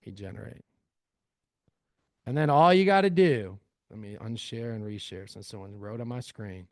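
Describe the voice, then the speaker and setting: A man's voice: on the low side, normal speed, a little mellow, dry recording, studio quality. A man leading a live screen-share workshop, talking energetically and calling his audience family. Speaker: real estate AI trainer.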